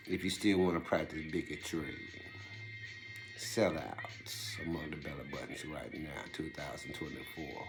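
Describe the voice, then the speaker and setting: A man with a very low voice speaks slowly, delivering a preachy monologue built from rhetorical questions. He swings from loud bursts down to hushed whispers. Faint music plays behind him.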